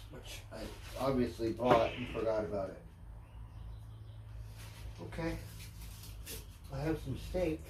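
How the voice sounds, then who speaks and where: A man on a casual live stream, chatting to his cats in a soft, high baby-talk voice and rambling through offhand stories. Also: lively intonation, takes it slowly, long pauses. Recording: echoey room with faint ambient noise.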